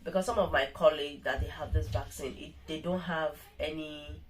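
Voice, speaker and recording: A woman's voice: low voice, steady tone, moderate pace, a little hiss or hum, low-quality recording. Weary woman rambling through a sick-day vlog. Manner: rambling, repeats words and restarts often. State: weak and tired from illness. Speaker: vlogger. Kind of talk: casual vlog monologue.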